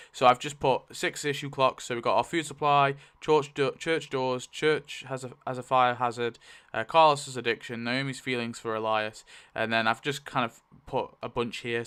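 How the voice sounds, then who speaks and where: A man's voice: medium pitch, a bit bright, clear, resonant tone. A man playing a tabletop roleplaying game solo, talking it through casually and thinking aloud with many fillers and self-corrections. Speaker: solo game player narrating.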